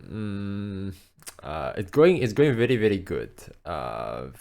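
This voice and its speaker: A man's voice: on the low side, huge pitch swings, slow, creaky, a little mellow. A man hosting a casual movie podcast, rambling with lots of fillers and restarts. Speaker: podcast host. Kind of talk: casual chat.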